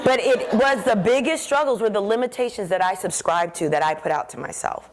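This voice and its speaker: A woman giving a conference keynote on stage, telling her story with animated energy and acting out the voices in her head. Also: medium pitch, fairly quick. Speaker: keynote speaker.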